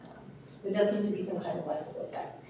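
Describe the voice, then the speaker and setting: A woman's voice: on the low side, fast talker, dark tone. A woman sociolinguist giving an explanatory lecture, talking it through with frequent ums. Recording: very echoey room, distant mic, faint noise.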